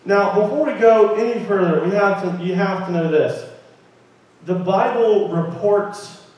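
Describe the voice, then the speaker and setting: A man preaching a sermon in a church, lively and conversational, often asking the congregation questions. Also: sits high, unhurried. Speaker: pastor. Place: church sanctuary. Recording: very echoey room, mic at a distance.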